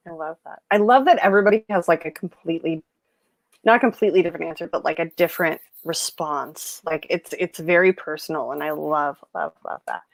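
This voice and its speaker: A woman hosting a casual livestream chat, telling stories in a lively way and acting out the people she quotes. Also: sits low, fairly quick, vocal fry, dry recording. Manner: chatty storyteller, animated quoted voices. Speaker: host.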